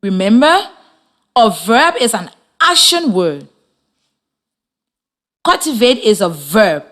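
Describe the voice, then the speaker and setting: A woman teaching a children's reading lesson on the radio, giving slow, encouraging, clear instructions. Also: a little high, sing-song, fairly bright tone. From Liberia.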